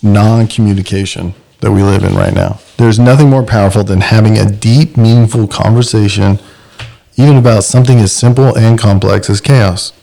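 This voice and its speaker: A man with a mellow, dark voice and a gravelly edge chats casually as a co-host. He sounds upbeat and promotional, and he lingers on his words. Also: lowish voice, steady tone, normal speed. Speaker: podcast co-host. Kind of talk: casual chat.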